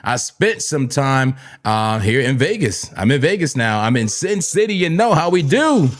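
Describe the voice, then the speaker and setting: A man from New Jersey with a Jersey accent, hosting a live trading stream, hyped and repetitive, giving shout-outs and laughing often. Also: mid-range voice, big pitch swings, normal speed, soft background music. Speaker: crypto trading livestream host. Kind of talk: live-stream chat and market talk.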